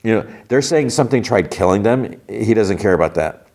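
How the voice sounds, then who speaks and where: A man's voice: lowish voice, lively intonation, a little fast, darkish tone. A man hosting a podcast, casually recapping a TV episode in a loose, rambling way full of fillers. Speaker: podcast host.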